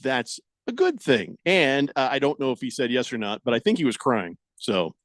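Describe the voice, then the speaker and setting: A man's voice: mid-range voice, normal speed, dry recording. A man hosting a radio talk show, telling stories in casual banter and acting out the people he quotes. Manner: animated storyteller, acts out quoted voices. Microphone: studio microphone.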